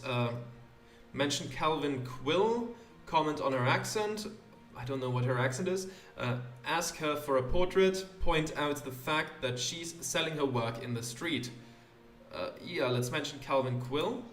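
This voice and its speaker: A man's voice: a little high, unhurried, fairly bright tone. Rambling man narrating a game. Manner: rambling, hesitant, self-deprecating. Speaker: let's play host. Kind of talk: casual game commentary. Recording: roomy, mic at a distance, faint game music.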